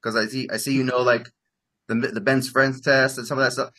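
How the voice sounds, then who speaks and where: A man coaching a client on dating, talking in a rambling, animated way full of "like" and acting out example lines. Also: a little fast. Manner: acts out example lines in bursts of higher pitch. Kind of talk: casual coaching session.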